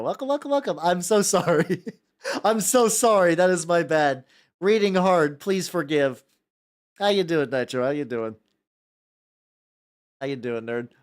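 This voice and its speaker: Animated hobby streamer, loose profane chatter, pitch swings widely between greetings. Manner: rambling, profane, repeats greetings to chat. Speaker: miniature-painting streamer. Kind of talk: casual livestream chat while painting.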